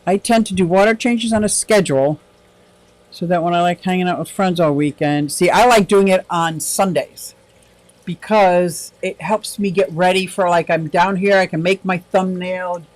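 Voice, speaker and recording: A man with a fairly high voice talks in a loose, rambling, upbeat way while hosting a livestream and answering the chat. His voice is recorded close and dry, with no room sound. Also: moderate pace, no echo, low-quality recording. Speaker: livestream host. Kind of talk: casual livestream chat reading comments.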